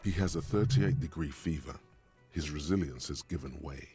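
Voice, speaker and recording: An actor as a detached, omniscient video game narrator with measured, literary delivery. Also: male voice, a bass voice, dark tone, soft background music.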